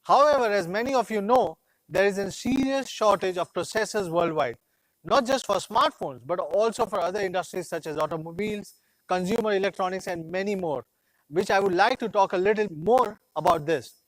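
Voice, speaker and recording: A man's voice: sits high, a little fast, dry recording, poor audio. Proud man giving a keynote. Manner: proud, rallying and declamatory. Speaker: company executive presenting a product launch. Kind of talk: scripted keynote speech.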